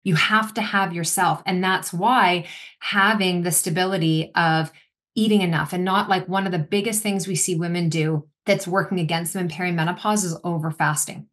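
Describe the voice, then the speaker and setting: A woman in her forties with a somewhat low voice talks as a guest on a casual podcast. She explains with energy and often slips into quick acted quotes of her clients. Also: fairly even intonation, a bit bright. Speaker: nutritionist guest.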